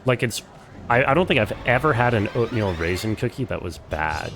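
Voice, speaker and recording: A man's voice: mid-range voice, expressive, normal speed, a bit bright, a little hiss or hum. A young man streaming a game, joking and profane in casual gameplay commentary.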